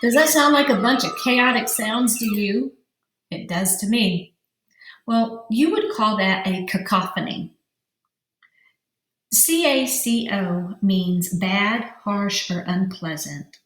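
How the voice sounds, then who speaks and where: A woman teacher leads a vocabulary lesson for young children, her mid-range, slightly bright voice carrying reverb. She draws out syllables slowly and spells letters aloud.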